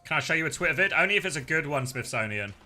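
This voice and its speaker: A man's voice: on the high side, lively intonation, racing, pushed and bright, faint music behind. A man hosting a live esports co-stream, chatting casually, laughing often and answering viewer questions. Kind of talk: casual live commentary chat.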